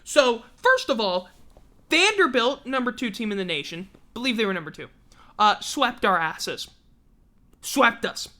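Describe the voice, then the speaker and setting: A woman with a drawl rants through a casual livestream sports recap, cursing freely and sounding exasperated. Her voice is bright and forceful and sits a touch high. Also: very animated, unhurried. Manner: profane, exasperated ranting. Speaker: sports talk show host.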